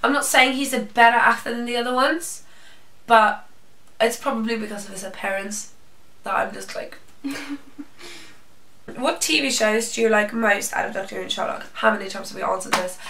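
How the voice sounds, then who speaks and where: A young Norwegian woman with a Norwegian accent, reading fan questions in an excitable, chatty way. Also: on the high side, normal speed, long pauses, far from the mic. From Norway. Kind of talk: casual Q&A chat. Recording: echoey room, off-mic.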